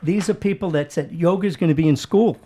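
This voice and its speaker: An older man with a northern US accent chats loosely on a small talk show. His voice sits a touch high but sounds dark and mellow, and he wanders through his stories with frequent chuckles and hesitations. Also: brisk. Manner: rambling, chuckles often, trails off with ums. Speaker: co-host. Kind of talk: casual chat on a local talk show.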